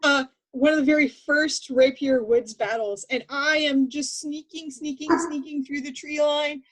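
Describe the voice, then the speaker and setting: A woman co-hosting a casual chat, telling animated stories with frequent restarts and laughter. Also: high-pitched, measured pace, low-quality recording. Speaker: podcast co-host.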